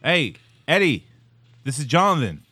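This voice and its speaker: A man's voice: fairly high pitch, sing-song, a little slow, bright, forceful tone, slight background noise. A young adult man hosting a podcast, rambling in casual, profane banter and laughing often. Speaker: podcast host.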